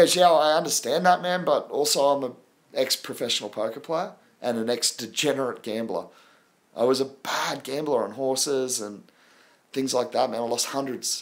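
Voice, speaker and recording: A man with an Australian accent, hosting a casual live stream and talking to viewers in chat, calling them bro and man. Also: mid-range voice. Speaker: crypto livestream host.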